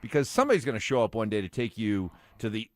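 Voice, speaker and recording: A man's voice: on the low side, quick pace, dry recording. A man with a Louisiana Cajun accent co-hosting a morning sports radio show, teasing his co-host. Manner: teasing, animated ribbing.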